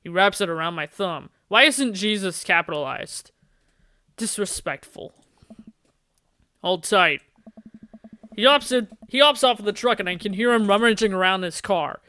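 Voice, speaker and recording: A man hosting a game playthrough, reading the game text aloud and joking around in a playful, excitable way. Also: high-pitched, moderate pace, pauses often, clean tone. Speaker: gaming channel host. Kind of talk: let's play commentary, reading game text.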